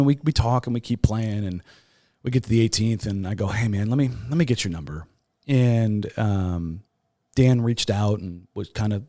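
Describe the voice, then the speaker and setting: A man and sports talk show host, giving a raw, emotional personal testimony as a podcast guest. He talks in a halting way, with many restarts and fillers, and his voice jumps much higher when he quotes others. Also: darkish tone, no room sound, clean studio sound.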